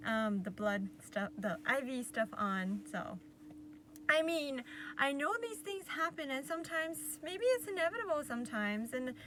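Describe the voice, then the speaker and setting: A woman vlogger telling a personal story to camera in a casual, animated way, laughing often and acting out what was said. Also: sits high, measured pace, a little hiss or hum. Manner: animated, laughing often, acts out quotes with sighs. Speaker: vlogger recounting a patient experience.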